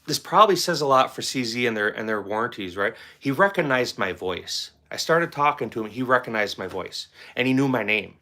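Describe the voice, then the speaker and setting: A middle-aged man with a bright, forward voice tells a long story in a loose, chatty way. He restarts phrases and doubles up words as he goes, sitting in the middle of the male range for pitch. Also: expressive, brisk, few pauses. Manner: rambling, repeats words, conversational. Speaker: firearms channel host. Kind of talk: casual storytelling to camera.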